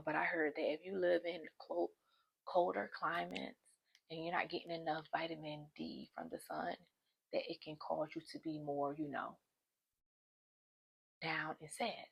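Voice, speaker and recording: A woman's voice: deep voice, vocal fry, breathy edge. A young woman vlogger talking straight to her viewers, giving casual self-help advice in a chatty, informal way.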